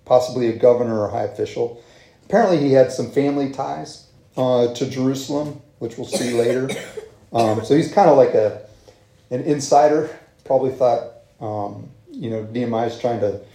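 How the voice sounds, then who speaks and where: Mellow-voiced man preaching in an echoey hall. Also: mid-range voice. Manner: conversational, with frequent fillers and rhetorical asides. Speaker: pastor. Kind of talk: sermon.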